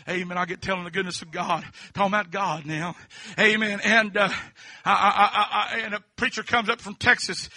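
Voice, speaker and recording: A man preaching a folksy testimony sermon, dotting his story with amens and swinging between quiet talk and shouting. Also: sits high, dry recording, studio quality. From Kentucky.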